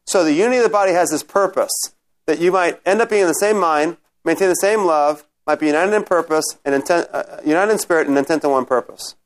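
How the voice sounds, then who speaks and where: Man teaching a Bible class, higher-pitched voice. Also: fast talker. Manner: conversational, checks in with the class often.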